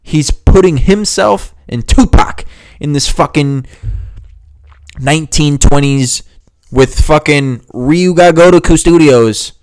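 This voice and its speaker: A man's voice: a little high, takes it slowly, a little mellow, dry recording, clean studio sound. A man hosting a gaming video, giving a heated, sarcastic and profane reaction rant. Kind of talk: ranting reaction commentary.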